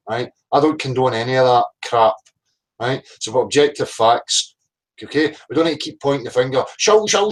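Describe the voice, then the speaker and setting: A man's voice: mid-range voice, low-quality recording. Guy hosting a livestream, blunt and sweary, reading out chat names. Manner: blunt, sweary, greets chat viewers one by one. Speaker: livestream host.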